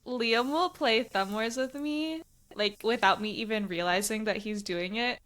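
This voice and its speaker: Woman co-host, crisp bright tone, playful teasing chat. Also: a little high, measured pace. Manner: playful and teasing, laughs often. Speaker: podcast co-host. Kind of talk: casual book-discussion chat.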